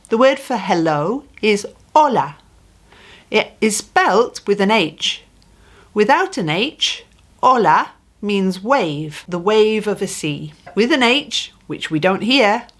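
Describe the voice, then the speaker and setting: A woman teaching a beginner language lesson, saying phrases slowly and patiently and repeating them clearly. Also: mid-range voice. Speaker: Spanish teacher.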